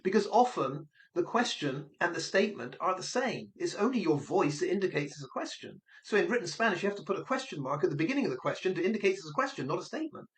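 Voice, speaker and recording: A man's voice: high voice, big pitch swings, quick pace, few pauses. A man talking through theories in a musing, speculative commentary monologue, now and then acting out other people's words. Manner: musing, speculative, acts out quoted voices. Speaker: online commentator.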